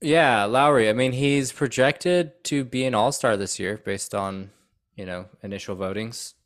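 A man's voice: mid-range voice, unhurried. A man co-hosting a podcast, laid-back and self-deprecating in casual chat. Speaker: podcast co-host.

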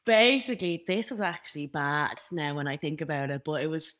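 Young woman, podcast co-host, chatty storyteller who mimics voices. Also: brisk. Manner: animated, acts out quoted voices with big pitch jumps. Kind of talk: casual storytelling chat.

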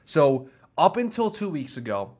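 A man's voice: a little high, big pitch swings, normal speed, a little mellow. A man hosting a casual chat show, talking enthusiastically and rambling, with restarts as he goes. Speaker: podcast host.

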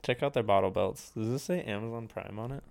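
A man's voice: fairly low pitch, a little fast, vocal fry, a little mellow. A man co-hosting a casual podcast, with short joking replies and back-channel remarks, speaking into headphones. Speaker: podcast co-host. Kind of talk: casual chat.

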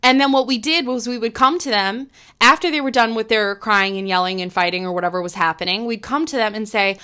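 Middle-aged woman, podcast host; soft, earnest reflective talk, slightly high, very bright tone, thinks aloud. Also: brisk, smooth. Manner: gentle, earnest, thinks aloud with repeated restarts. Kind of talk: reflective spoken monologue.

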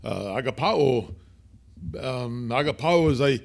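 A man putting on a Greek accent to voice a Greek laborer man explaining, earnestly and haltingly, the words for love. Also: medium pitch, animated, vocal fry, voice pushed up, heavily acted. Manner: earnest, halting with filler sounds.

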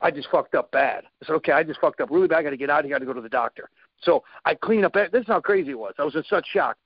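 A man telling a story in a casual chat, animated, acting out sound effects and quoted lines. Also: a little high, racing, breathy edge, dry recording, dull audio.

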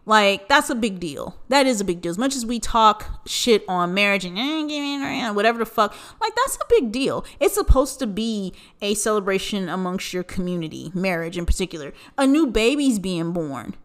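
A woman hosting a casual solo podcast, ranting in a profane, animated way with big jumps in pitch for emphasis. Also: moderate pace, hardly any pauses. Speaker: podcast host.

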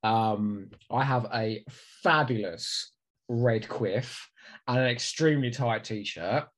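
A man's voice: medium pitch, takes it slowly, fairly bright tone. A man co-hosting a podcast in casual comedic chat, teasing his partner and giggling often. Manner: teasing, giggly, playful banter. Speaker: podcast co-host.

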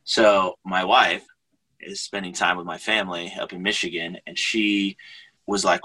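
A man chatting as a guest, telling a story in an animated way and laughing often. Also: sits low, a little slow, breathy edge, poor audio. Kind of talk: casual storytelling in conversation.

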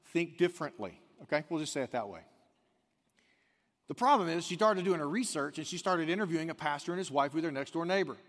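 A man with a fairly high voice preaches a sermon, his words trailing off in the long reverb of a large hall. He drops to quiet asides, then climbs to near-shouted emphasis. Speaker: pastor.

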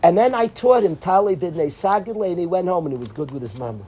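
A man's voice: high-pitched, expressive, quick pace, mellow, a little hiss or hum, rough recording. A man giving an informal Torah talk, telling stories animatedly, acting out the people he quotes and mixing in Yiddish and Hebrew words. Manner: sprinkles Yiddish and Hebrew terms. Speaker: Torah teacher.

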